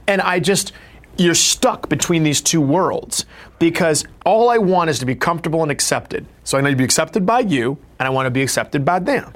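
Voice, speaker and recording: A man's voice: fairly high pitch, brisk. A middle-aged actor giving a reflective interview, telling stories with energy and acting out the people he quotes. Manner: animated storyteller, acts out quotes. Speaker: actor and guest.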